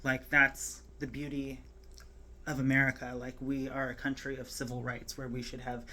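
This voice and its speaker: Emotional woman with a bright, tense voice. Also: a bass voice, flat delivery. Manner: halting, rambling with many fillers and restarts. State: emotional, near tears. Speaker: vlogger telling a personal story. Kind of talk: personal monologue to camera.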